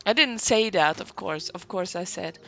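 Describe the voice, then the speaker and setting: A young woman streamer chatting casually, sarcastic, swearing freely and often clearing her throat. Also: mid-range voice, fairly bright tone. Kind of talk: casual livestream chat.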